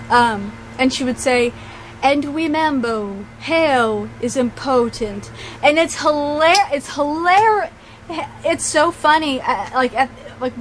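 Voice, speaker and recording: A woman's voice: a little high, a little hiss or hum, low-quality recording. A woman chatting casually to camera, rambling and gushing, with lots of fillers and restarts. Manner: gushing and excitable about favorite shows. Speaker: video blogger.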